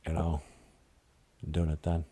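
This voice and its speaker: A man's voice: extremely low pitch, completely flat delivery, slow pace, warm tone, slightly rough. A man in his forties hosting a comedy show, joking in an easygoing way. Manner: jokey and easygoing. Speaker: host. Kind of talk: comedic puppet-show banter.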